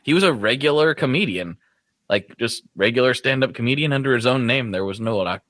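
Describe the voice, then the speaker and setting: A man hosting a podcast in an easygoing, chatty way, with a fair share of "uh" and "you know." His voice sits at a middle pitch. It is recorded close and dry, with no room sound. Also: a little fast, no echo. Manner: relaxed, chatty, lots of filler words. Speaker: podcast host. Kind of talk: casual podcast chat.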